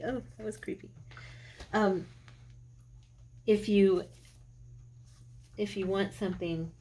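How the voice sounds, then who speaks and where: This middle-aged Arizona craft host has a mid-range, dark, husky voice with a steady tone. She speaks slowly with long pauses, chatting casually and muttering to herself as she works on her tutorial.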